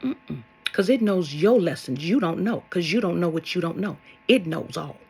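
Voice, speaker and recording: A woman's voice: fairly low pitch, lively intonation, normal speed, a little mellow, slightly rough. A woman speaking as a spiritual love coach in a vlog monologue, blunt and sassy, swearing and firing rhetorical questions at her viewers.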